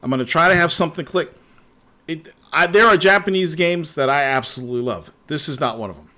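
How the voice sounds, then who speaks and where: A man hosting a casual show, ranting in an animated, profane way and trailing off into repeated words. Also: fairly high pitch, quick pace. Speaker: podcast host.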